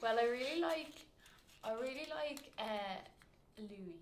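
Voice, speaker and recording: A woman's voice: fairly high pitch, expressive, slow pace. A young adult Irish woman co-hosting a livestream, chatting casually in a gushing, giggly way. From Ireland. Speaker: co-host. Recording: echoey room with noise.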